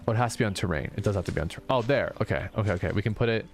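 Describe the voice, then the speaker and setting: A man in his thirties, a streamer chatting casually while gaming, soft-spoken because he is tired and low on energy. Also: very fast, creaky, faint music behind. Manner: soft-spoken, reading and answering chat.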